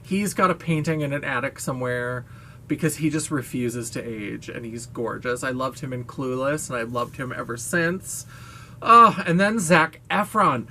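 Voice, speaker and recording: A woman's voice: very deep voice, normal speed, pushed and bright, slight background noise. A woman vlogger talking casually to camera, gushing, playful and frank, with the odd swear word and laugh.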